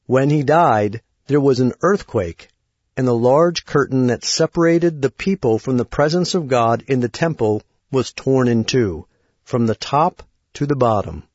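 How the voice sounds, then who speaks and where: A man reading a Bible story aloud in a measured, plain way. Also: mid-range voice, expressive, darkish tone, no echo. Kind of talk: scripted Bible story narration. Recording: dull lo-fi recording.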